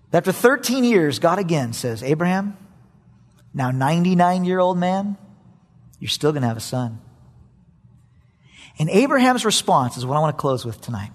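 A man preaching a sermon as a pastor, animated and acting out prayers with frequent chuckles. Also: on the high side, big-room sound.

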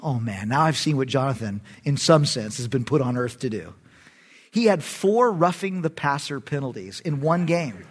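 A middle-aged man, a pastor preaching a sermon in an animated, emphatic way, with sudden loud bursts. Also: mid-range voice, moderate pace.

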